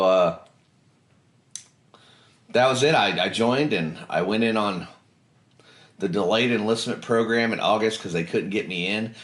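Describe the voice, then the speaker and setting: A low-voiced Kentucky man in his forties spins a blunt, salty story about joining the service. His voice rings around an echoey room. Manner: blunt, profane, swerves into animated impressions of others. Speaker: veteran interviewee. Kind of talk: casual storytelling interview.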